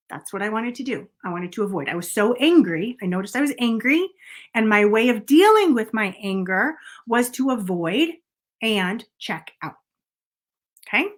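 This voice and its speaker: Earnest middle-aged woman coaching parents. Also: mid-range voice. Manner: calm, earnest, repeats "okay?" to check in. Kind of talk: speaking to camera.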